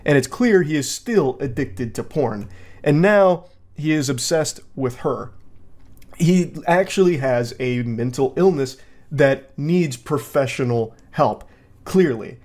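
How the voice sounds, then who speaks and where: A man hosting comedic commentary on online videos. His delivery is dry and sarcastic, and he often slips into mock sincerity. His voice sits at an ordinary, middle pitch. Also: expressive, takes it slowly, darkish tone. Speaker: host.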